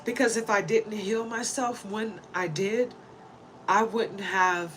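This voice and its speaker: A woman's voice: lowish voice, poor audio. A woman giving spiritual readings, talking in a rambling, earnest way and often checking in with "you know?". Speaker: spiritual reader. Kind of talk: casual heartfelt monologue. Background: music.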